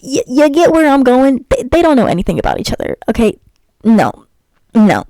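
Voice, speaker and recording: A young woman YouTuber with a high, wildly swooping, warm voice rants about a cartoon episode at a moderate pace while gaming. She sounds sassy and exasperated, sighing often and tripping over words, on a dry, low-quality recording.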